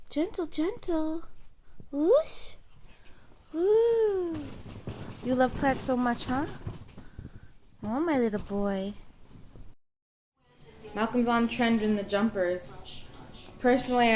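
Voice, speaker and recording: A woman's voice: fairly high pitch, a little hiss or hum. A young woman filming her baby at home, chatting in cooing baby talk. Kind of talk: home vlog chat.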